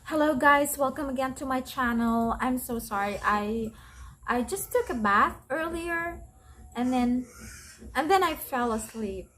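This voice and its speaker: A woman with a Filipino accent talks in a relaxed, conversational way, with a voice a little higher than most. She often circles back and restates her phrases as she works through an explanation. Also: measured pace. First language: Tagalog. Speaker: vlogger. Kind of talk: casual explanation to camera.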